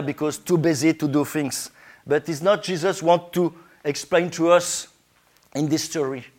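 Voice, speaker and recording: A man preaching a sermon, often repeating words as he searches for his English. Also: on the high side.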